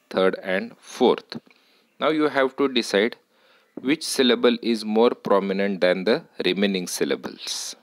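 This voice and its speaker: A man teaching a lesson on word stress, speaking deliberately, repeating words and correcting himself as he goes. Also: fairly low pitch, no echo.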